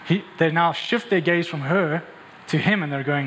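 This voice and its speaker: A man preaching a sermon, telling the story in an animated, emphatic way. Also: on the high side, moderate pace, in a large hall, a little hiss or hum, low-quality recording. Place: church hall.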